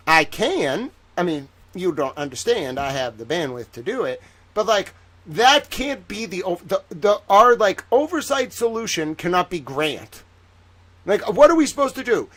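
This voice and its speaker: A man's voice: high-pitched, moderate pace. Chatty young man hosting a livestream. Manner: chatty, rambling, animated when indignant. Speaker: livestream host. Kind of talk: casual livestream commentary.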